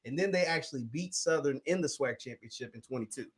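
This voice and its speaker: A man hosting a casual sports call-in show, talking in an animated way with callers. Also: on the high side, fast, husky. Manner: animated, laughs along with callers. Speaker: host.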